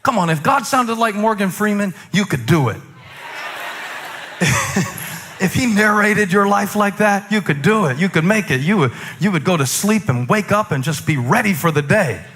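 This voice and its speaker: A man preaching a conversational sermon as a pastor, chatty and self-deprecating, building to shouted emphasis. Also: sits high, slightly rough.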